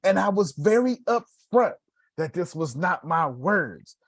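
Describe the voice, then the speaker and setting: An animated male teacher talking through a class in a slangy, joking way, his pitch leaping all over. The voice sits close and dry, with no room sound at all. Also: measured pace, no echo. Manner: animated, slangy, jokes and acts out examples.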